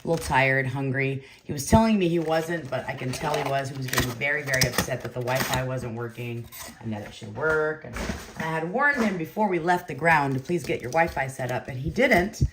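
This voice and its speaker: A woman's voice: a bass voice, animated, a little fast, background noise. A woman hosting a trading card break, chatting casually, laughing often and talking to viewers by name. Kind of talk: casual chat while opening cards.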